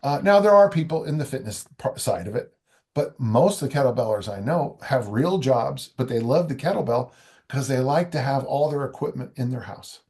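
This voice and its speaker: Older male coach, conversational and rambling, mid-pitched. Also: animated, normal speed, darkish tone. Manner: rambling, frequent restarts and asides. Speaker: strength coach and author. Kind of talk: casual interview talk.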